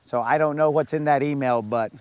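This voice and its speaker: Here a man with a slightly high, clean-toned voice speaks fairly quickly. He fishes on a lake while hosting a livestream, keeping the chat casual and teasing his audience with playful slang.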